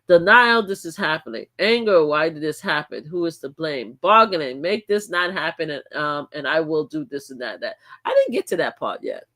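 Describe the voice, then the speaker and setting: A middle-aged woman, hosting a casual livestream and talking emphatically, dropping to low mutters and rising into loud outbursts. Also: very animated, normal speed, few pauses. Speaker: livestream host.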